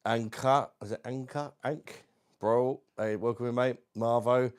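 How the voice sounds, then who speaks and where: A man's voice: mid-range voice, fairly even intonation, a little slow, clean tone. A man with a London accent, casually chatting on a livestream at home, reading out viewer comments and calling everyone mate. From South East London. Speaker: livestream host.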